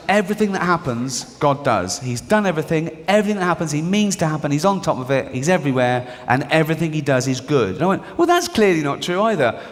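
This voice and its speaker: A man's voice: a little high, big-room sound. A middle-aged Englishman with an English accent doing a mocking stand-up comedy routine. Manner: mocking, sardonic, acts out characters in the bits.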